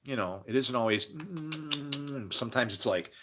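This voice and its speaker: A man on a livestream, preaching in a rambling religious monologue, swinging from murmurs to loud bursts and laughing between phrases. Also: mid-range voice, lively intonation, measured pace, a little hiss or hum.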